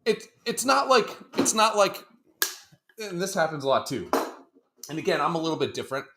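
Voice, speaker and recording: A man's voice: fairly high pitch, very animated, a little fast, vocal fry, background noise. A man in his thirties co-hosting a podcast in casual chat, rambling, swearing a lot, and acting out other people's voices. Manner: profane, rambling, acts out quoted voices. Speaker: podcast co-host.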